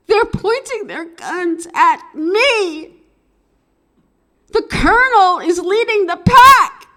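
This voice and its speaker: A woman voicing a terrified young woman, shouting and crying in panic. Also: very high voice, pitched above the performer's own voice, full character voice. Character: terrified woman under armed siege.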